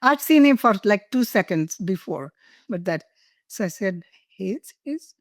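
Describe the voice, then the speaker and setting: A woman's voice: mid-range voice, lively intonation, moderate pace, no room sound, studio quality. An older woman from India, a guest telling personal stories in an interview, laughing and emotional at times. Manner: warm, laughing, emotional storytelling.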